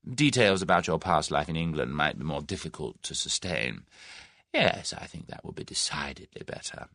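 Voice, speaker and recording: A man reading an audiobook voices a smooth, scheming middle-aged businessman, speaking in a suave, persuasive, measured way. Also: a bass voice, expressive, a bit bright, dry recording, studio quality, heavily acted.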